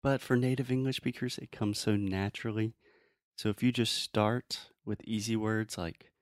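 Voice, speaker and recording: A man teaching English pronunciation in a relaxed, friendly chat, often demonstrating sounds. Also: fairly low pitch, normal speed, no room sound, clean studio sound.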